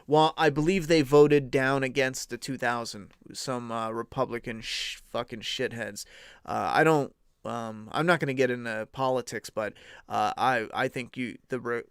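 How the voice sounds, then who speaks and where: A man's voice: mid-range voice, fairly even intonation, normal speed, clear, resonant tone, dry recording, clean studio sound. A man hosting a casual stream, talking bluntly and profanely in a rambling way. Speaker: podcast host. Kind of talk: casual live-stream chat.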